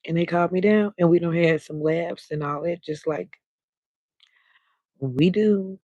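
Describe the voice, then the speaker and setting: With a warm, fairly low voice, a woman unhurriedly hosts a casual late-night livestream, chatting and greeting viewers by name while stretching her words. The recording is muffled but has no echo.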